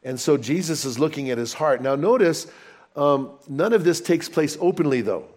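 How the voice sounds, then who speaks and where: A man preaching a sermon in a conversational, storytelling way with animated asides. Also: a little high, normal speed. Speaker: pastor.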